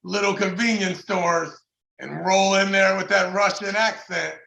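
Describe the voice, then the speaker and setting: High gravelly hype-man. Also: fairly even intonation, bright, forceful tone, reverberant, low-quality recording. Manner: hype-man exclamations, drawn-out emphatic delivery. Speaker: podcast host. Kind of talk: casual chat about arm wrestling.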